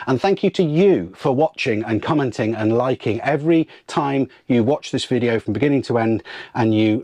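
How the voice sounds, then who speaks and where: A man's voice: mid-range voice, a little mellow, dry recording, studio quality. A man hosting a sailing vlog in casual talk, chatty and often repeating his words, inside a boat's saloon. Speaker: sailing channel host.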